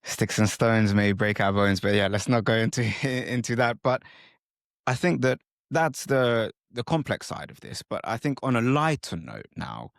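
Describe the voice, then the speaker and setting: A man's voice: lowish voice, sing-song, normal speed, gravelly, no echo, studio quality. A man hosting a podcast interview, talking in a thoughtful, reflective way. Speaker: podcast host.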